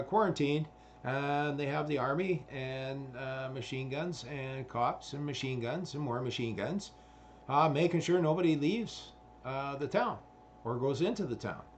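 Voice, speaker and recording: A man's voice: on the high side, a little hiss or hum. A man, ranting in a rambling commentary full of swearing and fillers. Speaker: vlogger.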